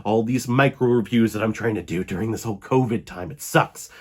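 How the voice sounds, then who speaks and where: Hoarse guy reviewing movies. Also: on the low side, fairly quick. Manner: animated, blunt, joking. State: hoarse, sick voice. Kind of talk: casual movie review vlog.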